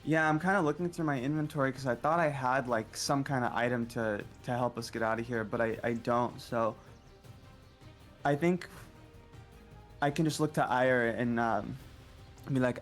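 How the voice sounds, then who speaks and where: A man's voice: medium pitch, fairly even intonation, normal speed, long pauses, faint music behind. Man thinking aloud at a game table. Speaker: player. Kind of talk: casual tabletop game play.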